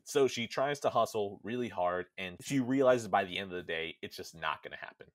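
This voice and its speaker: A man with a low voice recaps a video game's story for his podcast, casual and animated, acting out bits of dialogue as he goes. The sound is dry and close. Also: dry recording. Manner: animated storytelling, slips quickly into character quotes. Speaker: podcast host. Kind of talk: casual spoilercast retelling of a game story.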